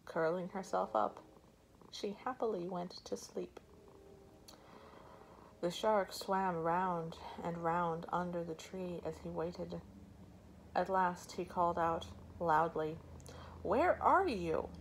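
Brief: calm woman storyteller, unhurried reading, lowish voice. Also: vocal fry, slight background noise, low-quality recording. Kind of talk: read-aloud storybook narration.

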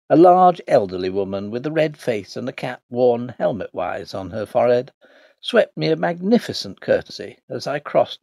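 A man reading a novel aloud as an audiobook narrator, in a measured, dry storytelling delivery. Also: mid-range voice, a little mellow, no room sound.

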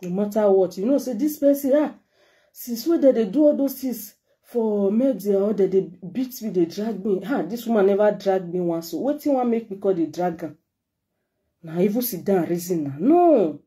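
Emotional Nigerian woman vlogger, warm voice. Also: mid-range voice, lively intonation, moderate pace. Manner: heartfelt, emotional, pleading. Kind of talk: emotional direct-to-camera message.

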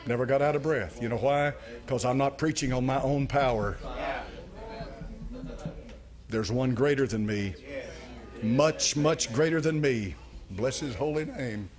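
A man, a pastor preaching and praying aloud in a church service, earnest and dropping low and quiet in prayer. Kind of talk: sermon.

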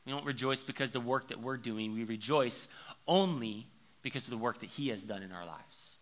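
A young man preaching a conversational sermon as pastor, shifting between quiet reflection and lively storytelling. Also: mid-range voice, normal speed. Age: young adult.

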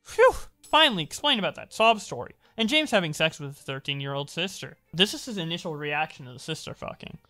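A man's voice: on the high side, very animated, fairly quick, few pauses, sharp tone. A man streaming commentary, reading documents aloud with a mocking, exasperated manner and exaggerated voices.

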